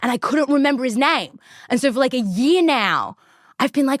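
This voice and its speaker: This Australian podcaster narrates a story conversationally, scattering likes and ums throughout. She sounds high-pitched and sing-song at a moderate pace, with a fairly bright tone and clean studio audio free of room sound.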